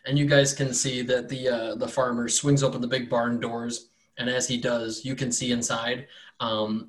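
A man narrating as game master, rambling loosely with fillers and self-corrections. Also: medium pitch.

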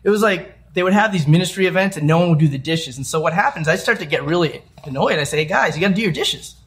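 A young adult man preaching a sermon in a conversational way, with quick asides and acted-out everyday quotes. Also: on the high side, fairly bright tone. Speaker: pastor.

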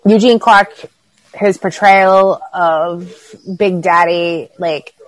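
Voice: mid-range voice, fairly even intonation, takes it slowly, rough recording. A speaker in casual podcast chat about movies, laid-back and chiming in with lots of filler words.

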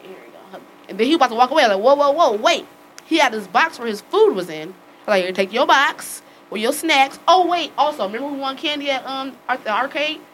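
Woman, casual storytelling, rapid talk, acts out voices, laughs a lot, slightly high voice. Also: slight background noise, rough recording. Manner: animated, acts out quoted dialogue with swearing; laughs often while telling. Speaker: storyteller among friends.

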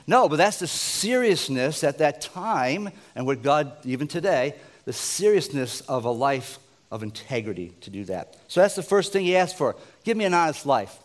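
A man from the United States preaching an informal sermon, conversational and joking, with asides to his listeners. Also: on the high side.

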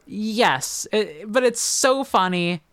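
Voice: medium pitch, lively intonation, slow, fairly bright tone, dry recording. A podcast co-host in casual chat, making dry, joking asides.

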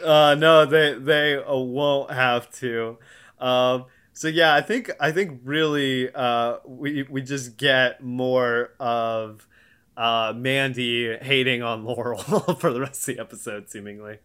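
Bright-voiced young man recapping casually. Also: mid-range voice, takes it slowly, clean tone. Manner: animated, laughing, acts out quotes. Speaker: podcast co-host.

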